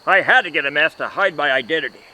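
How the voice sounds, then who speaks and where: A man's voice: fairly high pitch, quick pace, sharp tone, rough recording. A man playing a fussy, easily flustered masked lawman in a homemade comedy sketch, talking in an exasperated, scolding way. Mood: worried.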